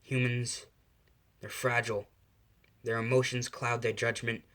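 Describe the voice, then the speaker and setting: A man's voice: mid-range voice, level tone, unhurried, fairly bright tone, lightly acted. Mael, a scornful angel, as a man voices him. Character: scornful male angel, disdainful of humans.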